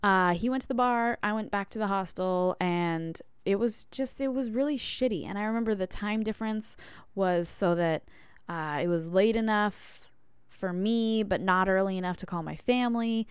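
A woman's voice: mid-range voice, normal speed, clean tone, no echo, studio quality. A woman hosting a podcast, telling a personal story in a candid, chatty way with lots of fillers. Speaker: podcast host. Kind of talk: casual storytelling monologue.

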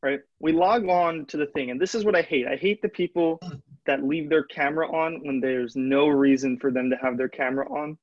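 Higher-voiced young man, quick quips on a call. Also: no room sound, lo-fi sound. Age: young adult. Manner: quick quips, laughing often. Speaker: podcast co-host. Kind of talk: casual podcast chat. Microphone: video call.

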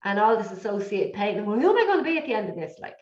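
A middle-aged woman speaking as an interview guest, telling her story in an emotional, repetitive, animated way. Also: mid-range voice, rapid-fire. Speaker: guest, business coach. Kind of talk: candid conversational interview. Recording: echoey, dull lo-fi audio.

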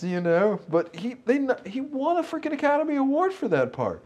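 A man's voice: very high-pitched, big pitch swings, fairly quick, a little mellow. A man co-hosting a casual chat about movies, rambling and amused, laughing often.

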